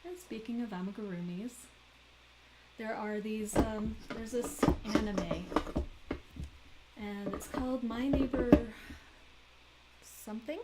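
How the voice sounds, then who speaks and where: A woman's voice: fairly high pitch, slow, pauses often, heavy background noise. A woman chatting in a rambling, giggly way during a crafting live stream. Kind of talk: casual chat while weaving.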